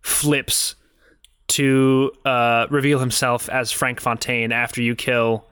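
A man with a bright, crisp voice talks through a game in relaxed podcast banter. His delivery is animated and jokey. The sound is close and dry, with no room around it. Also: mid-range voice, slow, no room sound. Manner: joking, animated storytelling. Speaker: podcast co-host. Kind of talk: casual gaming podcast chat.

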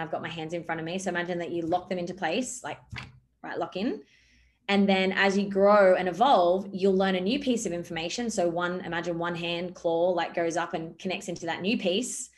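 A woman coaching on a podcast, talking loosely with many fillers and describing gestures as she goes. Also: on the low side. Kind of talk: podcast monologue.

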